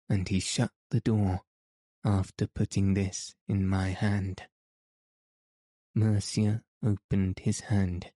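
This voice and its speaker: A man reading a novel aloud as an audiobook narrator, in a measured, even manner. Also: low voice, dry recording. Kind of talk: scripted narration.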